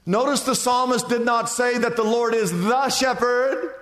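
A man's voice: extremely high pitch, fairly even intonation, measured pace, a bit bright. A male pastor preaching a sermon in a church, emphatic, repeating phrases and asking the listeners direct questions. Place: church sanctuary. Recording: long reverb of a large hall.

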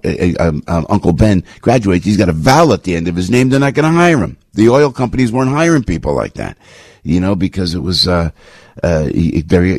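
Older guy on morning talk radio, husky low voice, rambles and gets fired up, dry studio sound. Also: darkish tone, dry recording. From New Jersey. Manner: rambling, emphatic storytelling that climbs high when worked up. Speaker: radio talk show host.

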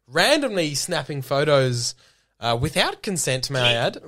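A podcast co-host, teasing the other host and laughing quickly. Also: medium pitch, very animated, fairly bright tone. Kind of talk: casual comedy podcast chat.

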